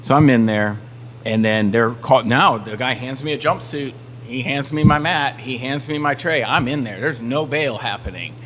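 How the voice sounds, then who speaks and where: A man's voice: mid-range voice, normal speed, a little hiss or hum. A man from the Southern United States, a band member telling a story on a podcast and acting out everyone's lines. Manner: animated storyteller acting out quotes.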